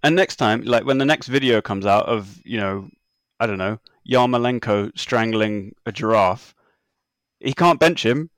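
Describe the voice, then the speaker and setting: A man's voice: on the low side, measured pace, fairly bright tone, no room sound, studio quality. Exasperated, sardonic man on a podcast. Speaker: podcast co-host. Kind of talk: casual football chat.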